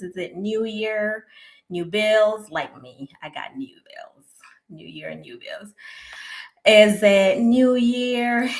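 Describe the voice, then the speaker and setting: A woman hosting a casual live-stream chat, laughing often, greeting viewers by name and dropping to a near whisper for asides. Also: a little high. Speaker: host of a live relationship podcast.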